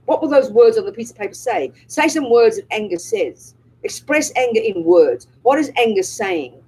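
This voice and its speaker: A woman's voice: a little high, expressive, moderate pace, warm tone, husky, low-quality recording. A woman Buddhist nun giving a live dharma talk, speaking emphatically and often checking with the audience through rhetorical and tag questions.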